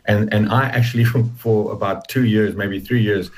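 Male interview guest, low husky voice, halting reflective delivery, emotional. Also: steady tone, rough recording. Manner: halting, reflective, with many restarts. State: emotional, close to tears. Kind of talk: personal testimony in an interview.

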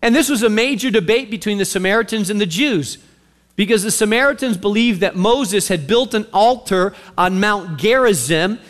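A male preacher delivering a sermon with animated, conversational storytelling and direct questions to the listeners. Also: high voice, normal speed, long reverb tail.

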